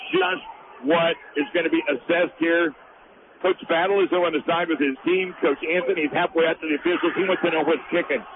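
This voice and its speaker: A man calling a basketball game as play-by-play announcer from high in the arena stands, with rapid excited calls during fast plays. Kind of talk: radio basketball play-by-play commentary. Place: arena, top of the seating area behind the scorer's table. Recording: phone-like radio broadcast with noise.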